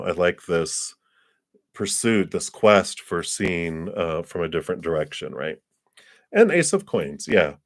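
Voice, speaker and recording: During a live-streamed tarot reading, a man with a deep voice rambles unhurriedly, dropping in many fillers and soft laughs between thoughts. The audio is studio quality with no echo.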